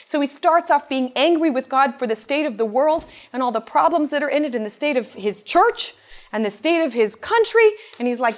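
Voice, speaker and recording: A woman with a slightly high voice gives an earnest Bible teaching. Her delivery is expressive, rising with emphasis, and she reads scripture aloud in a measured tone. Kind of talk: sermon-style Bible teaching.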